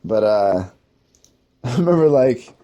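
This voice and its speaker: A man's voice: medium pitch, lively intonation, slow, warm tone, dull audio. A man telling a long, rambling personal story in casual, profane speech, full of "like," now and then laughing at himself. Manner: rambling, profane, heavy use of "like". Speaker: podcast host telling war stories.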